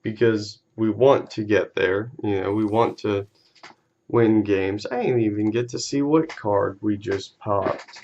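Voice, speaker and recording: A man's voice: fairly low pitch, a little slow, a little mellow, highs cut off, a little hiss or hum. A man casually talking through a card game on a live stream, laid-back and easily amused, with casual swearing.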